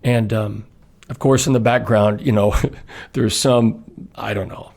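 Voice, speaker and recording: A man, a pastor, giving an earnest podcast devotional message and telling a story in an unhurried way with frequent restarts. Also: fairly low pitch, steady tone, gravelly, a little mellow.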